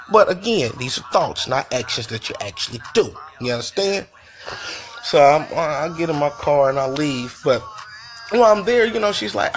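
A man's voice: fairly high pitch, expressive, normal speed, slight background noise. A man hosting his own show, telling a venting story in a loose, profane, conversational way. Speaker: podcast host.

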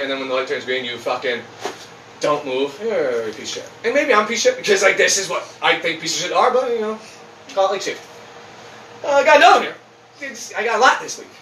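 Podcast host, male, high bright voice, blunt profane ranting, roomy distant sound. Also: animated, fast talker. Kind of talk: casual ranting chat. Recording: roomy, distant mic, faint noise.

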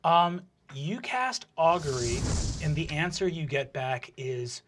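A man narrating as game master in a tabletop game, halting with lots of fillers. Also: fairly high pitch, expressive, noisy background.

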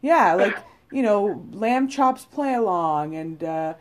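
A woman's voice: mid-range voice, animated, slow. A woman, co-hosting a casual podcast and talking bluntly, often profanely, with lots of "like" and "you know". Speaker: podcast co-host. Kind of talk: casual chat.

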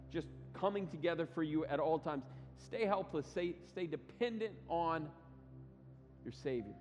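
A man preaching a sermon, telling stories with lively acted quotes and frequent restarts. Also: fairly high pitch, big-room sound, highs cut off. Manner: animated storytelling with acted quotes, many restarts. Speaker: pastor.

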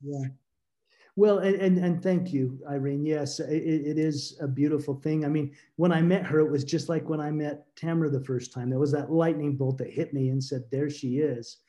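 Earnest man with a warm, mellow voice. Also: fairly high pitch, steady tone. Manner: halting, repeats words when emotional; earnest and reflective. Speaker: guest author. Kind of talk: personal storytelling interview.

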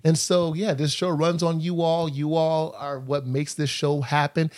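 A man hosting a podcast, talking in a relaxed, casual way with lots of fillers and easy laughs. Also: fairly high pitch, a little slow. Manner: laid-back, filler-heavy, laughs easily. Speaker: podcast host.

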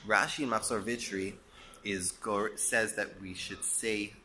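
A man teaching a Torah class, explaining and posing rhetorical questions, a bit hoarse and coughing as he loses his voice. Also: lowish voice, fairly even intonation, measured pace, bright, forceful tone, slight background noise. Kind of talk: lecture.

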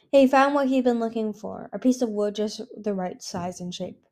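A woman reading a fantasy novel aloud as an audiobook, with an even narration that sometimes stumbles and restarts. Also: on the high side, normal speed. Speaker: audiobook reader. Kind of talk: storybook narration.

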